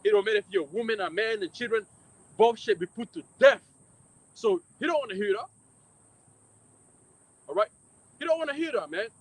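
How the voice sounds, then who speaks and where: A man preaching loudly and emphatically, swearing freely and mocking his critics between scripture readings. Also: high voice, expressive, brisk, long pauses, low-quality recording. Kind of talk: fiery street-style preaching.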